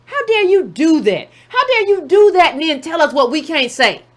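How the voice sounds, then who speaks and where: A woman's voice: extremely high pitch, sing-song, normal speed. A woman giving a sarcastic political commentary monologue, full of rhetorical questions and mocking asides.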